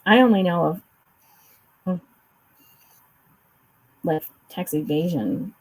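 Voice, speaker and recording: A woman with a lower, husky voice talks casually over a remote call. Her tone is mellow and soft-edged. She explains finance at length, full of restarts and fillers. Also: takes it slowly, low-quality recording. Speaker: co-host discussing a court case.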